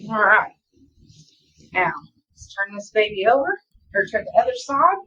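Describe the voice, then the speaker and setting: A woman's voice: mid-range voice, very animated, a little slow, pushed and bright, muffled recording. Chatty Southern woman teaching a craft. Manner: chatty, self-teasing, talks to viewers as "y'all". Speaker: craft instructor. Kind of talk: casual craft tutorial.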